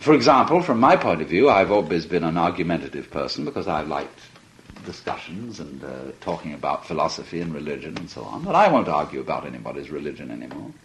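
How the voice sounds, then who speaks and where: Male lecturer, reflective and amused, very animated intonation. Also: very deep voice, quick pace, a little hiss or hum, rough recording. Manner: musing, often laughing, lively storytelling. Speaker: speaker.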